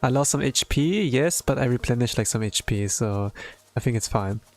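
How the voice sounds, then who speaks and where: A man giving casual, rambling commentary as he plays a game, filling his talk with "like" and bursting out with excitement. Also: mid-range voice, moderate pace, faint music behind. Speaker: streamer.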